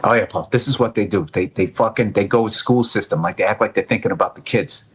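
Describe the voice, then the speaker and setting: A man co-hosting a podcast, chatting about sports in an animated, profane way. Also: lowish voice, fast talker, slightly rough. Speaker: podcast co-host. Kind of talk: casual sports chat.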